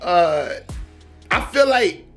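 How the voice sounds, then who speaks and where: A man's voice: sits high, lively intonation, a bit bright, faint music behind. Slangy young man reacting casually. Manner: slangy, rambling, halting. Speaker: reaction video host.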